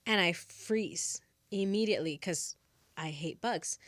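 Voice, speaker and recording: Animated woman telling a dramatic story. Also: on the low side, a little slow, no echo, clean studio sound. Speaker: podcast host. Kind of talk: casual storytelling.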